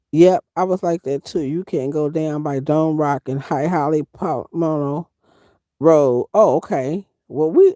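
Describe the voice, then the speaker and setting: A woman's voice: deep voice, no echo, clean studio sound. A middle-aged woman live-streaming from inside her van, chatting casually and reading viewer comments aloud. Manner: animated, chatty, reads chat aloud, Southern Black vernacular grammar. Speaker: van-dwelling travel vlogger.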